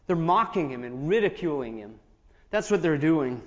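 A man's voice: a little high, expressive, moderate pace. A man preaching as pastor, reading scripture aloud and explaining it in asides between the verses. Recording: dull audio with long reverb in a large hall.

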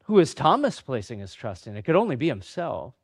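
A man's voice: mid-range voice, big pitch swings, fairly quick, husky. A man preaching a sermon in a conversational, self-deprecating way, acting out the voices of the people he quotes. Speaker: pastor.

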